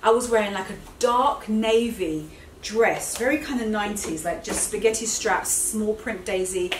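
A woman's voice: medium pitch, normal speed, a little hiss or hum. A middle-aged woman chatting enthusiastically to camera as a fashion vlogger at home, often correcting herself mid-sentence. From Britain. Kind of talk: casual chat to camera. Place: indoors at home. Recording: roomy, slightly distant home recording.

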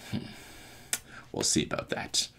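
A man voicing a menacing young male villain in a hushed, sinister whisper. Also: unhurried.

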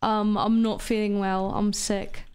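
A woman streaming a shooter game, chatting casually with her viewers, reading chat aloud and swearing between plays while feeling a bit unwell and low on energy. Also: little pitch movement, a little slow, darkish tone, smooth. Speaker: VTuber streamer.

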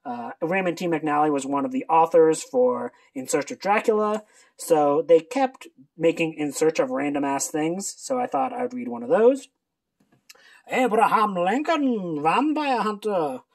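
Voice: medium pitch, a little mellow. Sarcastic booktuber, rambling casual haul, swears freely. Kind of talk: casual book haul video.

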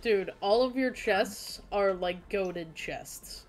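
A woman's voice: medium pitch, takes it slowly. A woman chatting casually with friends while gaming, swearing often and breaking into giggles. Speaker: gamer on a group stream.

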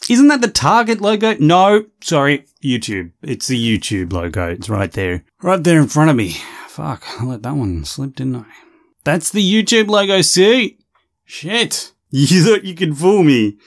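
Brash sarcastic man, swears nonstop, lively swooping voice, bit high. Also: unhurried. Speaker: YouTuber reacting to a video. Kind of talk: profane reaction commentary.

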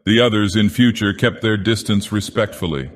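A man narrating an audiobook in a game villain persona, with a slow, deliberate, dramatic delivery. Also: fairly low pitch.

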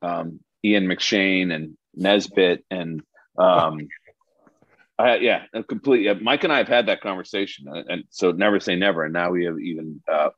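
Deep-voiced man on a dull call line. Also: moderate pace, fairly bright tone, dry recording. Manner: rambling, searching for words. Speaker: actor, guest. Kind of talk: casual chat. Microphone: video call.

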